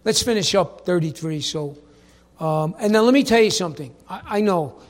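Male pastor, very high voice, animated sermon delivery, names people in the pews, quiet asides then loud emphatic bursts. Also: moderate pace. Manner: animated, addresses congregation members by name.

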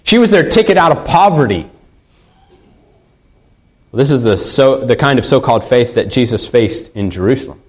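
A man's voice: mid-range voice, animated, normal speed, long pauses, poor audio. A man preaching a sermon in an earnest way, repeating key phrases for emphasis. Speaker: pastor.

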